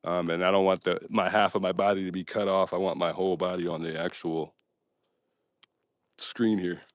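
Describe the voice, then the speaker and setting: A man with a fairly low voice chats casually on a phone livestream from outdoors at night. He jokes around and makes fun of himself while speaking straight to his viewers. The sound is dry and close, with little room echo. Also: flat delivery, normal speed. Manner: joking, self-mocking, talks straight to his chat. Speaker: livestream host.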